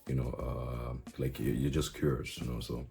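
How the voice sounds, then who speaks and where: A man's voice: extremely low pitch, level tone, moderate pace, creaky, warm tone. A young man giving casual language-learning advice in a rambling, playful way, full of fillers. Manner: rambling, chatty, many fillers; playful, teasing.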